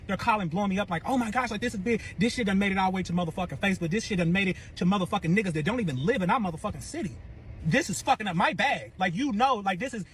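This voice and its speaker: A man's voice: sits high, a bit bright, slight background noise. A man telling a dramatic breakup story in a profane, boastful rant, acting out the other voices. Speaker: storyteller in a reacted clip.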